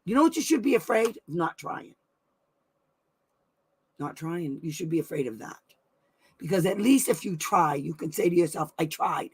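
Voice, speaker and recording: A woman's voice: fairly low pitch, sing-song, fairly quick, husky. A middle-aged woman hosting a weekly live advice stream from home, chatting effusively and laughing often. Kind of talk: casual live-stream chat.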